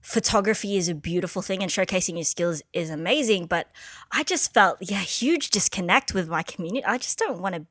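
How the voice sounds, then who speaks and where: A young woman guest chatting casually on a podcast, animated and frank, laughing often. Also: on the low side, brisk, no echo, studio quality. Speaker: guest, content creator. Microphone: podcast microphone.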